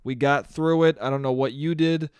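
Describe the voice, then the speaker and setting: A man's voice: a little high, fairly even intonation, normal speed, a little mellow, clear, resonant tone, no room sound. A man hosting a casual comedic podcast monologue, talking in a rambling, profane, self-deprecating way into a close mic. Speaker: podcast host.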